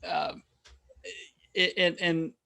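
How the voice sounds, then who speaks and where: A man hosting a podcast interview, speaking in a halting way with frequent restarts and "you know.". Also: high voice, monotone, bright, forceful tone, clear, resonant tone. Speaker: podcast host. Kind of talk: casual interview chat.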